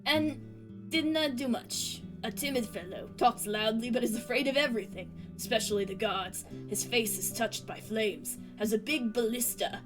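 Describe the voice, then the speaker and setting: A woman voicing a burly, gruff older male innkeeper, speaking curtly in a game read-aloud. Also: on the high side, moderate pace, over music, close to an everyday voice, low-quality recording. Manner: curt, dismissive.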